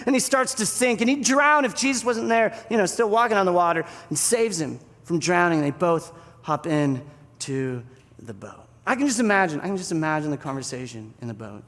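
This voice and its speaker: A pastor giving a sermon, telling a story in an animated, conversational way. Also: male voice, high voice, normal speed, in a large hall.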